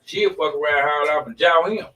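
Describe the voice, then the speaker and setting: Podcast co-host, forties, male: bright forward voice, slightly distant from the mic, blunt and slangy delivery. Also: fairly high pitch, fairly quick. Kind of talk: casual group chat.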